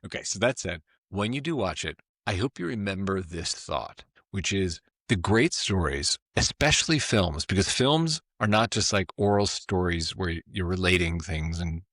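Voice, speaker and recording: A man's voice: deep voice, lively intonation, moderate pace, few pauses, fairly bright tone, dry recording, studio quality. A middle-aged man, a former film executive, telling stories as a podcast guest with enthusiasm, acting out quotes and often asking "right?". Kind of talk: animated storytelling conversation.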